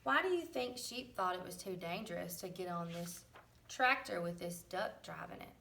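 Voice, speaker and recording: A woman reading a picture book aloud to children, pausing to ask questions and putting on lively voices for the farm animals. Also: lowish voice, gravelly, recorded from a distance, a little hiss or hum. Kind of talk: read-aloud storybook with questions.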